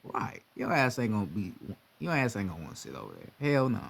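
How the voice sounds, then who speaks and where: A young man talking in a casual monologue, profane and animated, often slipping into mocking voices of others. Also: on the low side, a little fast, creaky, hardly any pauses, breathy edge.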